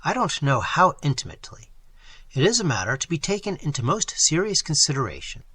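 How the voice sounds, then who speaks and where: A man reading the part of a kindly, scholarly older professor who lectures gently and teases mildly, in an audiobook. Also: on the high side, big pitch swings, brisk, husky, heavily acted. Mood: gentle. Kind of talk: audiobook character voice.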